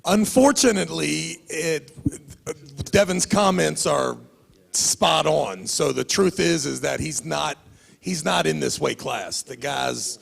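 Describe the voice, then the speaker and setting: A man with a somewhat high, deeply gravelly voice sizes up a coming match. He delivers measured, emphatic verdicts, and a long reverb from the room trails his words. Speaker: invited analyst at a press conference. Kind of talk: spoken match analysis. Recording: reverberant hall.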